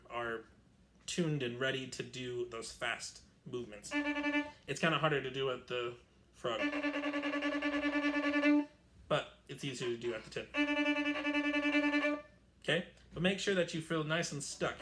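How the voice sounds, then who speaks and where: A man's voice: medium pitch, sharp tone. A man teaching an online string orchestra lesson, chatty and explanatory, correcting himself as he goes. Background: violin playing.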